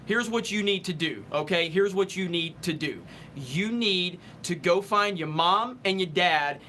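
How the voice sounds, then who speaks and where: A young man with a high, sharp voice runs a live stream and answers viewer questions. He rants hotly and swears freely. He stumbles and restarts when he has to think something through. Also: slight background noise. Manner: heated, ranting, profane. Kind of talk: casual live stream chat reading super chats.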